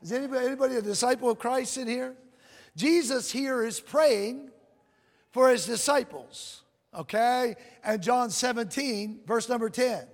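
High-voiced preacher with gravelly edge in a reverberant hall. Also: male voice. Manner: fervent, calls to the congregation, reads scripture in slow drawn-out cadence. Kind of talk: sermon. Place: church sanctuary. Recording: long reverb of a large hall.

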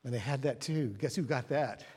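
A man preaching a sermon at a church service, telling stories and dropping to hushed tones for emphasis. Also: mid-range voice, moderate pace, husky. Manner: storytelling, drops to hushed tones. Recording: long hall reverb.

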